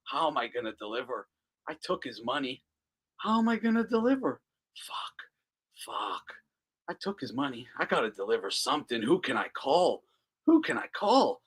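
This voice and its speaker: A man's voice: sits high, sing-song, moderate pace, pitched above the performer's own voice, exaggerated voice. A man putting on a panicked scheming promoter. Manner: anxious muttering, hushed. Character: nervous scheming middle-aged male promoter.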